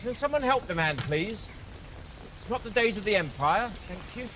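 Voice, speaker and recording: An actor playing a brisk, joking maths team leader. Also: male voice, high-pitched, animated, background noise. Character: jokey British maths camp team leader, man.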